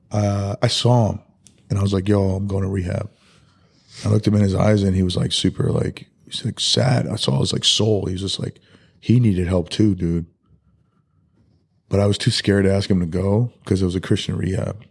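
A man as a podcast guest, telling his life story in a loose, candid way, halting and full of "like" and "dude". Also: on the low side, gravelly, husky. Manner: soft-spoken and candid. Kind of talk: personal life story in a casual podcast interview.

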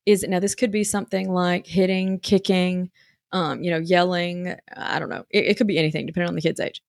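A woman's voice: on the low side, fairly even intonation, brisk, creaky, dry recording. Woman coaching moms, chatty n reassuring, lots of likes and ums, dry close sound. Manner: chatty, filler-heavy, reassuring. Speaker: parenting coach. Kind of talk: casual coaching talk.

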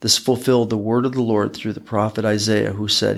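Podcast guy reading scripture, low voice with a bit of fry. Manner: measured, even reading pace.

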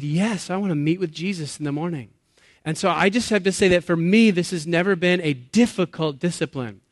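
A man's voice: on the high side, no room sound, clean studio sound. A man in his late thirties preaching a sermon to a live audience, talking in an earnest, conversational way, laughing at himself and putting questions to the listeners. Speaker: pastor. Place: church or meeting hall with an audience.

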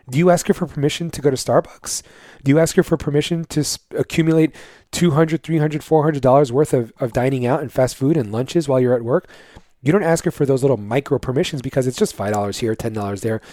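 A man's voice: mid-range voice, dark tone, no room sound. A man, a fitness coach, lecturing viewers bluntly in a casual monologue full of fillers.

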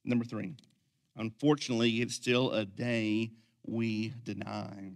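A man preaching a sermon as pastor, swinging from quiet, intense lines to loud, energetic ones. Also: fairly low pitch, unhurried, gravelly.

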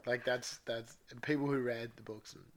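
A man co-hosting a casual podcast, rambling through his thoughts in halting, restarted sentences. His voice sits at an ordinary middle pitch. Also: steady tone, a bit bright. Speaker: podcast co-host. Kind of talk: casual chat.

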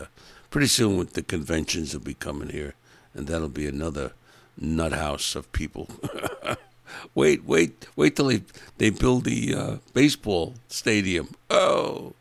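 A man's voice: deep voice, creaky, a bit bright, no room sound. A man hosting a podcast, talking in a casual, rambling monologue, opinionated and grumbling. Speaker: podcast host.

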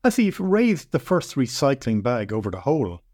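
Measured male storyteller, dry close voice. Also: mid-range voice, very animated, a little mellow, dry recording. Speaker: podcast narrator. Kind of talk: first-person scripted story narration.

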